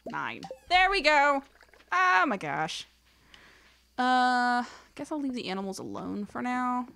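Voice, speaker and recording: A woman's voice: fairly high pitch, sing-song, slow pace, gravelly, sharp tone, no room sound. Chatty young woman playing a farming game. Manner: chatty and rambling, counts aloud, frequent laughs and whispered asides. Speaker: let's play host. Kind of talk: casual gameplay commentary.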